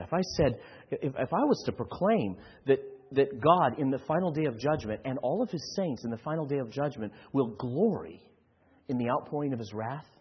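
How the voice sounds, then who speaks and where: A man preaching a sermon with passion, building from quiet to loud and often repeating words as he presses a point. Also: mid-range voice, breathy edge. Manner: repeats words when stirred. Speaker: pastor. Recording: dull sound, long hall echo.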